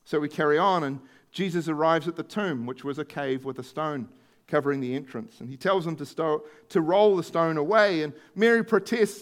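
A man's voice: a little high, normal speed. A male preacher giving a sermon, retelling a story in a conversational way and stressing key words.

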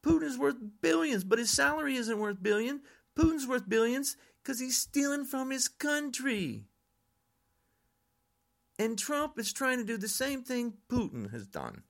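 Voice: sits high, expressive, a little slow, creaky. An older podcast host in a frustrated, angry political rant.

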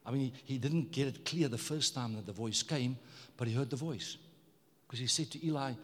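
A man's voice: mid-range voice, moderate pace, long reverb tail. A man preaching a sermon as pastor, emphatic, repeating words and calling on the congregation to respond. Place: church.

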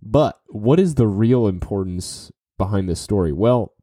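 A man's voice: lowish voice, expressive, a little slow, warm tone, dry recording, studio quality. A man telling a casual story full of fillers and restarts, giving tips to business listeners. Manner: rambling, with many fillers and restarts.

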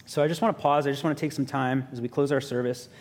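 Pastor storytelling in a reverberant hall. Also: male voice, medium pitch, fast. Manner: lively storyteller, self-mocking, voice drops soft and quiet for reflection. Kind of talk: sermon storytelling. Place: church sanctuary.

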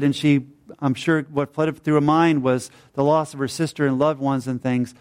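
A man's voice: medium pitch, steady tone, normal speed, darkish tone. A middle-aged man preaching a sermon, telling stories in a conversational way with fillers and tag questions.

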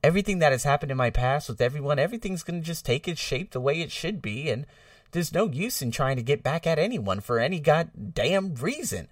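Animated man vlogging from a distance. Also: a little fast, no echo, clean studio sound. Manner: animated and jokey, swings between loud bursts and low asides, swears casually. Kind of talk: casual monologue vlog.

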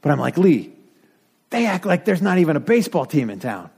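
A man's voice: on the high side, big pitch swings, a little fast, creaky, darkish tone, slightly rough. A man from Denver preaching a sermon, full of rhetorical questions and dry asides. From Denver, United States. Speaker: pastor. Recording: long reverb from a hall.

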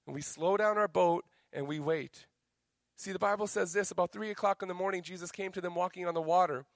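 Energetic joking male pastor. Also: sits high, fairly quick, vocal fry, no echo. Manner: energetic, joking, swings to quiet storytelling. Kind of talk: sermon.

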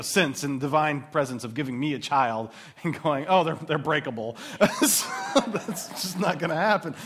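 A man in his thirties giving a faith talk to mothers, telling rambling personal stories and laughing at himself. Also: high voice. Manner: warm, rambling storyteller who laughs at himself. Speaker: speaker at a Christian mothers' gathering.

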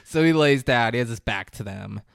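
A man casually recapping a movie as a podcast host, telling it in an animated way with swearing. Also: medium pitch, fairly quick, gravelly, clear, resonant tone, no echo, studio quality. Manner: animated storytelling, swearing, jumps into voices.

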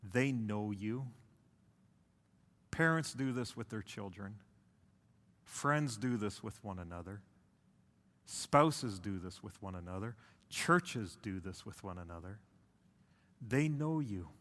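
A male pastor preaching a sermon, swinging between intense and hushed delivery, with slow drawn-out phrases. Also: on the low side, lively intonation. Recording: long hall reverb.

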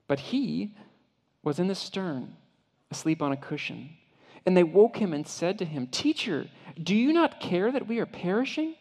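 A male pastor giving a sermon, vividly retelling a story in the second person and often dropping to a hushed voice. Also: fairly high pitch. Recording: long hall reverb.

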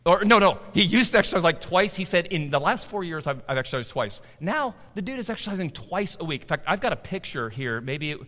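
Man, middle-aged pastor, sermon, high voice, animated, loud emphasis and low asides, live hall reverb. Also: a little fast, few pauses.

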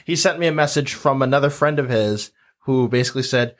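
Male podcast panelist, casual storyteller, mid-pitched voice. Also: a little fast. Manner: relaxed storytelling.

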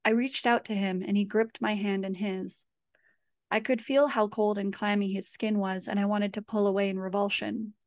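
A woman, the author, reading her own horror story aloud in a measured, steady storytelling voice. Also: mid-range voice, no room sound, studio quality.

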